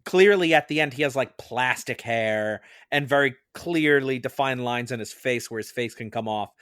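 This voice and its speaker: A man's voice: mid-range voice, normal speed, a bit bright, clear, resonant tone, no echo. Chatty man, dry close sound. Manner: chatty, lots of fillers. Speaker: podcast juror. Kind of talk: casual film discussion.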